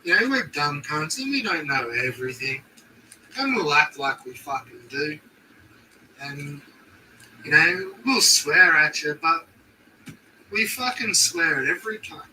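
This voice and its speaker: A man's voice: on the high side, expressive, unhurried, pauses often, sharp tone, distant mic, a little hiss or hum, poor audio. A young Australian man chatting casually on a stream, laid-back and swearing constantly in slang.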